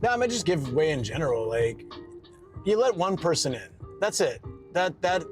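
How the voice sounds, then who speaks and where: A man's voice: on the high side, big pitch swings, normal speed, soft background music. A Scottish man live-streaming, chatting casually with his viewers in a rambling, filler-heavy way and laughing easily. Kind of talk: casual live-stream chat while driving.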